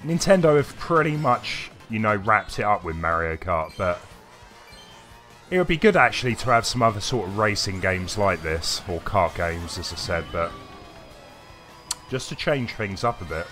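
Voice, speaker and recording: A British man with a fairly low voice rambles through live gameplay commentary and answers viewers by name. He sounds unwell and coughs between remarks, with faint game music playing underneath. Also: very animated, moderate pace, a bit bright. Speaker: game streamer.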